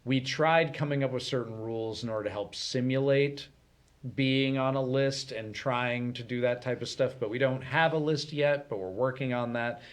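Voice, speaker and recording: A man co-hosting a casual chat on a community TV show, explaining in a relaxed way with many fillers. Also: mid-range voice, moderate pace. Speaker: co-host. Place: community TV studio.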